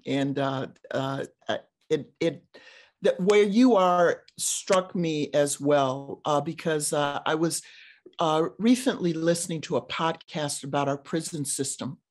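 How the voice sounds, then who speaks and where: A woman, a professor, discussing scripture over a video call in a halting, deliberate way, with frequent pauses and restarts. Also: low voice. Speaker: seminary professor. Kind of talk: conversational theology discussion.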